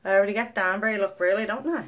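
A woman's voice: medium pitch, quick pace, fairly bright tone, highs cut off. A young woman from Newfoundland with a thick Newfoundland accent, chatting casually to camera as a mother. She rambles through stories, swears freely and breaks into laughter often. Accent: Newfoundland English. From Newfoundland, Canada. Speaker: vlogger, mother. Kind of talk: casual chatty vlog monologue.

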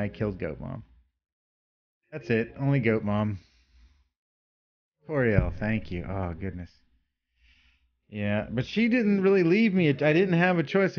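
A man commentating a video game as he plays, excitable and panicky, talking to himself, with game music behind him. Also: fairly low pitch, muffled recording. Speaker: let's play host.

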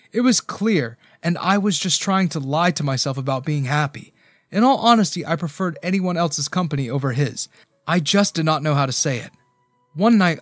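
A man narrating a first-person romance story in a steady, even reading voice. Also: fairly high pitch, dry recording.

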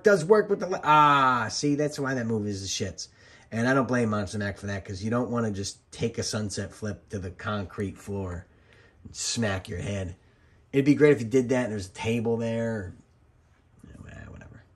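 A man's voice: medium pitch, lively intonation, moderate pace, slightly rough. A man, a former wrestling referee, giving casual, rambling commentary over old match footage and drifting into jokey side stories.

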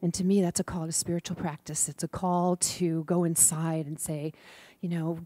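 Gentle woman telling a sermon story. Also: fairly low pitch, moderate pace, dry recording. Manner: gentle, affectionate, lively when quoting children. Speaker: speaker in a preaching class. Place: church or center hall.

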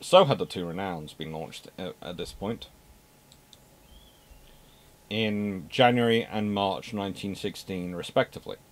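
A man's voice: deep voice, measured pace, long pauses. A man giving an unscripted naval history talk, emphatic, repeating words for stress and adding dry asides.

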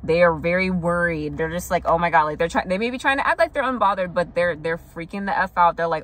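A chatty young woman giving a tarot reading with a slightly low voice. She talks loosely and casually, full of fillers, quick asides and mock quotes of what others say. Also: fairly bright tone. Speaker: tarot reader.

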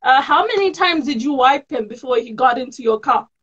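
A high-pitched woman from South Africa hosts a chat show over a video call. She laughs readily and gushes, repeating words as she goes. The audio is dull and muffled. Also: lively intonation, fairly quick, a bit bright, slightly rough. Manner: laughs often, effusive and repetitive. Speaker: host.

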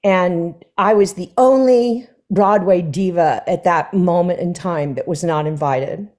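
Lively woman singer telling stories. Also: fairly low pitch, a little slow. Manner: animated storyteller who acts out quoted dialogue with laughs. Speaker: guest singer. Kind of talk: conversational anecdote telling. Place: stage conversation before an audience.

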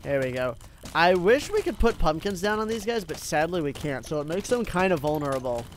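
A man's voice: on the high side, sing-song, brisk, slight background noise. A young man giving casual gameplay commentary, addressing his viewers as "guys" and swinging between hype and gloom. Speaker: gaming YouTuber.

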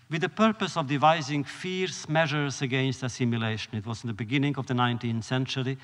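A man's voice: mid-range voice, fairly bright tone. Solemn male lecturer in a reverberant hall. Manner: measured, solemn, with dramatic pauses. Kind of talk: storytelling lecture.

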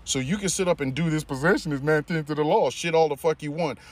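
A man delivering a heated commentary rant, swearing heavily and pushing his voice up into loud peaks. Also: fairly high pitch, fast. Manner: heated, heavy swearing, rising into shouty peaks. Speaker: commentator reacting to clips. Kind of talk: profane rant.

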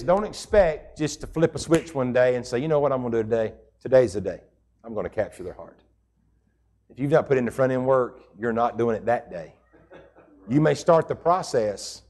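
A man's voice: mid-range voice, a little mellow. A middle-aged man preaching a sermon as pastor, folksy and emphatic, with rural turns of phrase.

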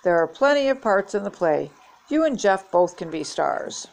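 Storybook girl, chirpy and very high, gravelly underneath, as an older woman puts her on. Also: sing-song, moderate pace. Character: cheerful young schoolgirl, quick fibber.

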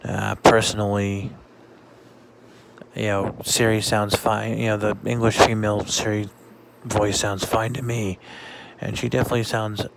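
A man talking casually in a vlog, halting often with fillers and restarts. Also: on the low side, flat delivery, vocal fry, noisy background. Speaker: vlogger.

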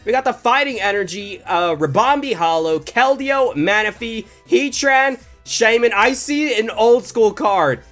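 Excitable male vlogger, slangy unboxing chatter, lively pitch, voice cracks when hyped. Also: a little slow, hardly any pauses, faint music behind. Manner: hyped, slangy, shouts and laughs in bursts. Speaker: YouTuber opening card packs.

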